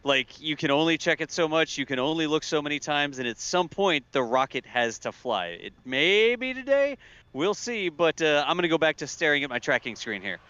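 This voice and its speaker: A man co-hosting a live launch stream, talking in an animated, impatient way. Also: fairly high pitch, brisk, hardly any pauses, clean tone, no room sound, highs cut off. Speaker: co-host tracking the rocket.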